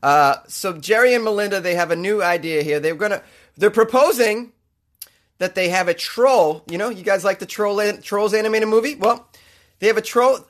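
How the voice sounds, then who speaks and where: A man's voice: high voice, normal speed, fairly bright tone. A man with a Boston accent hosting a comedy podcast, riffing sarcastically and rambling through his jokes. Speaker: podcast host. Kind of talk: comedic monologue.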